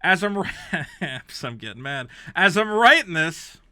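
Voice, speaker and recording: A man hosting a comedic reaction rant. He is exasperated and sarcastic, jumping between loud outbursts and low mutters. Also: very animated, measured pace, no room sound. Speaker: host reacting to a game console review.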